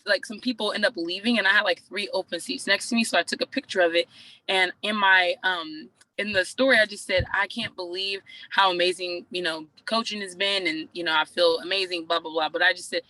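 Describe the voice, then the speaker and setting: A woman's voice: on the low side, fairly even intonation, brisk, sharp tone, no room sound, poor audio. A woman on a group call telling a chatty story, acting out what people said. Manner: chatty, acts out quoted dialogue. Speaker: team member sharing a story.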